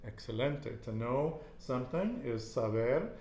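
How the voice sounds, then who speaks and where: A man's voice: mid-range voice, expressive, measured pace, darkish tone, roomy sound. A man teaching a casual Spanish lesson, repeating each answer and praising it.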